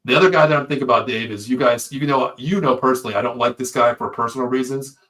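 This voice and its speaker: A man co-hosting a casual live sports talk show, an excitable storyteller who swears freely. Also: medium pitch, fast. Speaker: podcast co-host.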